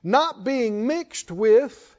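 A male pastor delivers a sermon in a very high, lively voice. He preaches slowly and emphatically, building to fervent calls. The recording sounds dull and lo-fi.

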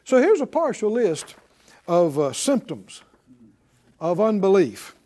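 A male preacher delivers a sermon in a high, very lively voice. He takes his time, leads the congregation in call-and-response, and presses his points with a string of emphatic questions. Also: slow pace, pauses often. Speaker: pastor.

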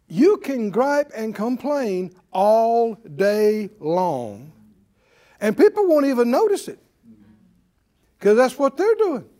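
A man preaching with a high, very lively voice that swoops up and down. He throws rhetorical questions at the congregation and acts out grumbling voices to make his point. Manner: animated, rhetorical questions and acted-out complaining. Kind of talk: sermon.

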